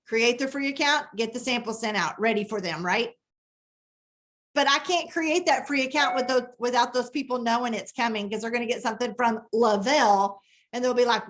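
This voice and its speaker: A woman giving a chatty, animated live training talk on her phone, thinking aloud as she types. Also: on the high side, normal speed. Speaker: direct sales team leader.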